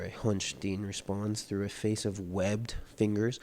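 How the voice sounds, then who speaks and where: A man's voice: fairly low pitch, fairly even intonation, measured pace, few pauses, a little mellow. Laid-back young man retelling a novel. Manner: laid-back, slangy retelling with lots of fillers. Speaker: book vlogger. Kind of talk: casual book report reading aloud.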